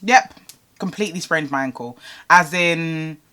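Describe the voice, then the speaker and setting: A woman's voice: low-pitched, a little slow. Chatty young woman. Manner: animated, exasperated, chatty with many fillers. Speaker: vlogger. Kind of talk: storytime rant.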